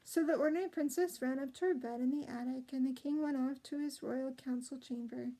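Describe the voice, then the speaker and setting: High-voiced woman reading a storybook aloud. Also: brisk, rough recording. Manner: gentle expressive reading with small slips and restarts. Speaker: storybook reader. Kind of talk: reading a children's novel aloud.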